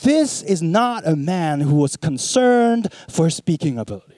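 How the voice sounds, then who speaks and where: Male preacher, sermon, fairly high voice, mellow tone, dry close sound, animated delivery. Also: normal speed, no room sound. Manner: animated, swings from hushed to emphatic.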